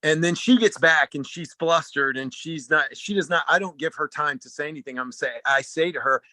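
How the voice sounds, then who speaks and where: A man telling a personal story at a talk, animated and rambling, often restarting his sentences. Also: a little high, brisk, no echo. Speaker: speaker at a talk.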